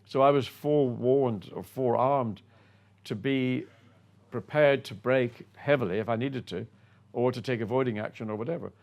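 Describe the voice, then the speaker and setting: A man's voice: medium pitch, normal speed, gravelly, a little mellow. An older man, a former racing driver, telling self-effacing stories from his career as a guest. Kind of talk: reminiscing anecdote.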